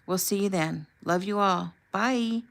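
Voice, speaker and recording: A woman's voice: medium pitch, a little slow, voice pushed up, close to an everyday voice. A woman voicing an upbeat livestream host signing off to viewers in a chatty way. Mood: cheerful. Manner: chatty, friendly sign-off.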